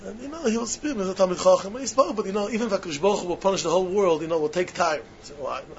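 A man with giving a sermon-style talk to yeshiva students, emphatic and repetitive, swinging between loud stresses and hushed asides, on a muffled lo-fi recording. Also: sits high, rapid-fire, hardly any pauses. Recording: muffled lo-fi recording with faint hiss.

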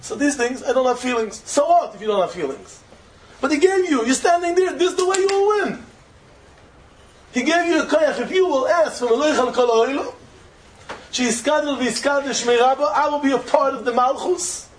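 High-pitched guy giving a torah talk, gets really animated, faint hiss behind. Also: moderate pace, rough recording. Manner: animated, mixes Yiddish and Hebrew terms, rises to emphatic peaks. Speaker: religious speaker.

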